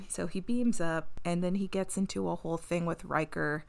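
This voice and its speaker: A woman with a slightly low voice recaps an episode for her podcast co-hosts. She talks in a loose, chatty way, full of fillers, and laughs often. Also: steady tone, normal speed, vocal fry. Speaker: podcast co-host.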